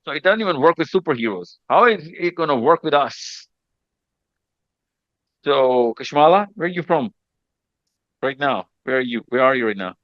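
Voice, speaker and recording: A man's voice: medium pitch, animated, moderate pace, pauses often, no echo, muffled recording. A man hosting a casual group chat with teenagers, teasing and reassuring them and often repeating himself. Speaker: mentor hosting a session with teenagers.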